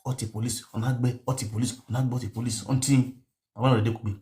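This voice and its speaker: Man, nigerian accent, pidgin storytelling, repetitive, animated. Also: medium pitch, very fast. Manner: mixes pidgin and local language, repetitive, animated. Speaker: online show host. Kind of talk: rambling live-stream storytelling.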